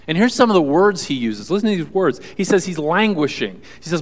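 A man's voice: on the high side, expressive, fast, few pauses, in a large hall. A male pastor preaching a sermon to a congregation in an earnest, conversational way. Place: church hall with audience.

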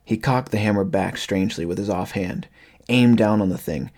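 A man reading a horror story aloud in a measured, somber way. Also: on the low side, a little mellow. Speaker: narrator. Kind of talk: scripted horror narration.

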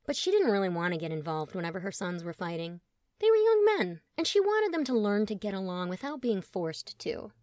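A woman narrating a story audiobook in an expressive, wry manner. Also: medium pitch, brisk, dry recording, clean studio sound.

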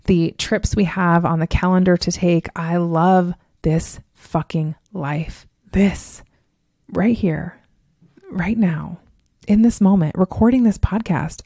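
A woman hosts a solo motivational podcast in a low, gravelly voice. She talks emphatically and candidly, swears freely and laughs often as she tells stories. The sound is dry and close to the microphone. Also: warm tone, no echo. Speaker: podcast host.

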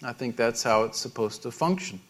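A middle-aged man preaching a sermon, halting and self-deprecating, with many restarts and small laughs. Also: mid-range voice, a bit bright. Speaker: pastor.

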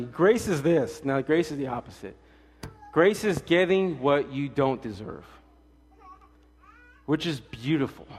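A man preaching a casual, joking sermon as pastor, acting out quick voices to make his points. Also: fairly high pitch. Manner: animated, jokey, acts out quick voices. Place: church sanctuary. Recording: church hall with long reverb.

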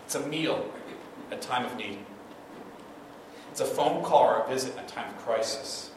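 A man's voice: mid-range voice, moderate pace, pauses often. A man preaching a conversational sermon as a pastor, often checking in with the listeners. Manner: conversational, asks the listeners "right?". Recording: far from mic in an echoey hall, noisy.

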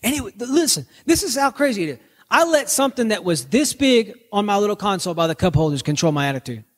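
High-voiced joking preacher man. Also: big pitch swings, fast, in a large hall. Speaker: pastor. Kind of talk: conversational sermon podcast.

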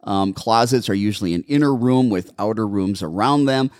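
A man hosting a pet-advice show as a dog behaviorist, giving animated, step-by-step training instructions in casual chat. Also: fairly low pitch, moderate pace, dry recording, clean studio sound. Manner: animated, instructive, repeats steps. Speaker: dog behaviorist, podcast host.

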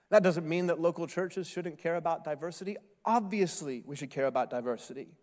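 Male pastor, sermon, relaxed storyteller with dry self-mocking humor, slightly raised pitch, echoey church hall. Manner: conversational storytelling with wry self-deprecating humor. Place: church sanctuary. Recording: echoey hall with long reverb.

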